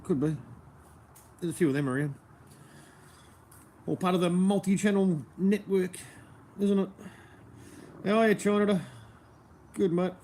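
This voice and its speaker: A man's voice: sits high, fairly even intonation, unhurried, pauses often, mellow, slight background noise. An Australian man chatting casually on a livestream, laid-back and chatty, often laughing as he answers viewers.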